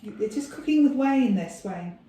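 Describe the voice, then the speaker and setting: A patient woman coaches a cook through a recipe in a home kitchen. Her voice is mellow and sits a little back from the microphone. The room is very echoey, with a faint noise behind her. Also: on the high side, animated, moderate pace, recorded from a distance. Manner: patient, coaxing. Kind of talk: casual instructions while cooking.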